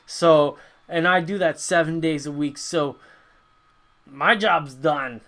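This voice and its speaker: Taking a slow pace, this livestream host from North America has a slightly high, fairly bright voice. His casual Q&A rambles along with many fillers and frequent laughs.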